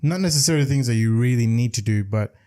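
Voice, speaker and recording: A man co-hosting a podcast in casual chat, explaining things in a relaxed, loose way with fillers. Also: mid-range voice, quick pace. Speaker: podcast co-host.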